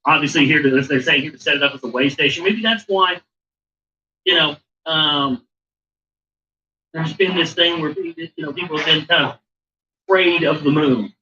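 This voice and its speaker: A man's voice: a little high, fairly even intonation, moderate pace, pauses often, sharp tone. A man hosting a show, reading a book aloud and breaking off for casual, profane asides. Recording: muffled distant mic with faint hiss.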